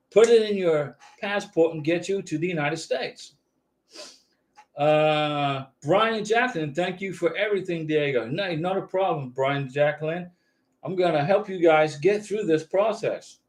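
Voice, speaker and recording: A man with a voice on the high side runs a live-stream chat giving visa advice from his home YouTube studio with lights. He answers viewers in a relaxed, reassuring way, frequently asking "okay?".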